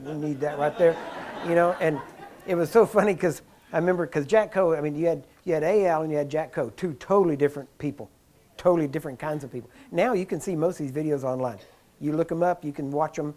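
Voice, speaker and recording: A male preacher telling stories in a sermon, laughing often and acting out the people he describes, getting louder as he goes. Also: on the high side. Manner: grows louder and more excited as the story builds. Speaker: preacher teaching on healing. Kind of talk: storytelling sermon talk.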